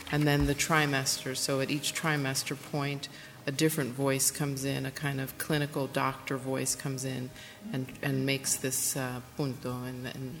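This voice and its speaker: Low-voiced woman reading her memoir aloud. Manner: intimate, plain-spoken reading with hesitant asides. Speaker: author reading from her book. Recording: roomy hall with faint background noise.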